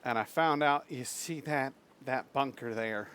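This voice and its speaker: An unhurried man with a medium-pitched, clean-sounding voice hangs out with his stream viewers from home. Chatty throughout, he switches into excited baby talk whenever he addresses his dog.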